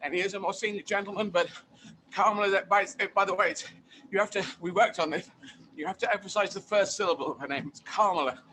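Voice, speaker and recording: A man being interviewed as a guest comedian, talking in an animated, emphatic way and repeating phrases for effect. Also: high voice, fast, slight background noise. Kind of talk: casual interview chat.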